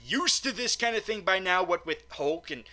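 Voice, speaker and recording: Excitable stammering man ranting. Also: high-pitched, normal speed. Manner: stammering, excitable, swearing, mock outrage. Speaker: movie recap host. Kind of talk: comedic movie recap rant.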